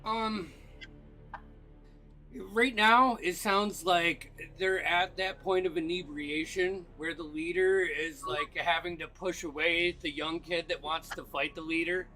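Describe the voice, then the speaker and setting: Bright high-voiced game master. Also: male voice, steady tone, slow pace, faint music behind, low-quality recording. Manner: rambling, descriptive. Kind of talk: narrating a tabletop game.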